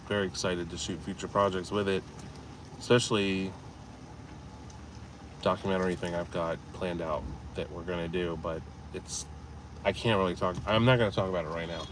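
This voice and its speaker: A man wanders through city alleys with a camera, chatting loosely to viewers. His voice sits a little low, and the talk runs on in stories and asides. Faint traffic hums in the background. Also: fairly even intonation, moderate pace, long pauses. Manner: rambling, storytelling, swears casually. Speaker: vlogger. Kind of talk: casual walking vlog with live chat. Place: outdoors in city streets and alleys.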